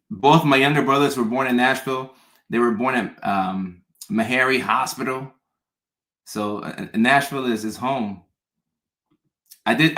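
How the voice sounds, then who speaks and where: A man's voice: mid-range voice, fairly bright tone. Chatty man in an echoey room. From American South. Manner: chatty, storytelling, repeats words and restarts. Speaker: host. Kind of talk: casual chat.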